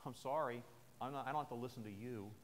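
A man's voice: fairly high pitch, expressive, normal speed, slight background noise, natural voice. A man voicing a proud, indignant young warrior-king who speaks in a dismissive, boastful way, as part of a sermon. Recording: long chapel reverb.

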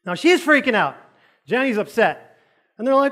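Animated, high-voiced male pastor. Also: moderate pace, long pauses. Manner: animated, joking storytelling. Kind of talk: sermon. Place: church auditorium.

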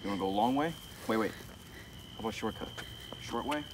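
A man's voice: fairly low pitch, fast talker, noisy background. A man chatting playfully with his dogs during an evening walk, teasing them. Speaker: vlogger's partner. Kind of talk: casual chat.

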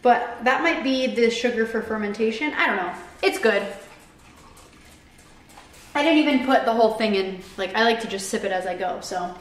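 A woman's voice: fairly high pitch, moderate pace, echoey room, a little hiss or hum. A woman chatting casually to camera at home for her vlog, upbeat and rambling. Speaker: vlogger. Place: home indoors.

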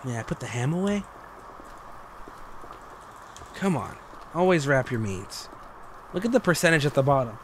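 Excitable young man with a lively voice. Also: medium pitch, noisy background. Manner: excitable, joking, swears freely. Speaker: streamer. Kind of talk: gameplay commentary.

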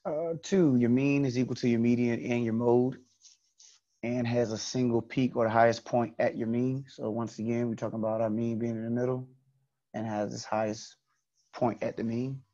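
A man's voice: mid-range voice, steady tone, moderate pace, dark tone, dull audio. A man teaching an online statistics class, explaining step by step and repeating key points.

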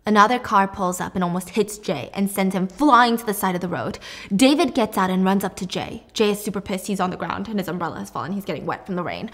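A woman hosting a casual show, recapping a drama in a lively, animated way. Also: medium pitch, quick pace. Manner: lively, animated storytelling with laughs. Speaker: host.

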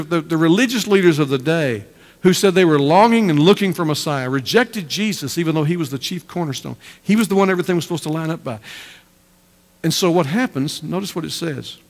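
A man's voice: on the high side, expressive, brisk. A man preaching a sermon as pastor, emphatic and repeating his phrases for effect. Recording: church hall reverb.

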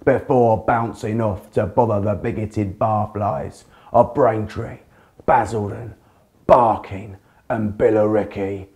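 Slow, punchy male performance poet. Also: on the low side, steady tone, creaky, a little mellow. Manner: punchy, deliberate alliterative delivery. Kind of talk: performance poetry narration.

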